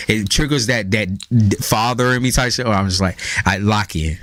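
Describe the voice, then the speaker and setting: A man hosting a live stream, chatting casually with viewers in a loose, profane, animated storytelling manner. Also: lowish voice, normal speed, no echo. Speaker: live stream tarot reader.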